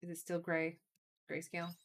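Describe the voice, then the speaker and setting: A woman's voice: fairly low pitch, completely flat delivery, moderate pace, a little hiss or hum. A woman giving casual, joking commentary while playing a video game and talking back to its characters. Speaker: let's play streamer.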